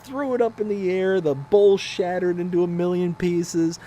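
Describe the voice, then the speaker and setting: A man in his thirties telling stories on a casual live game stream, animated and self-mocking. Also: high-pitched, moderate pace, a little hiss or hum.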